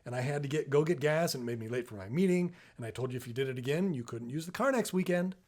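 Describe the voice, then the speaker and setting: A man's voice: medium pitch, lively intonation, fast talker, a little mellow, lightly acted. A man voicing an irritated father scolding his son. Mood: stern. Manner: stern, scolding. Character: irritated middle-aged father, stern.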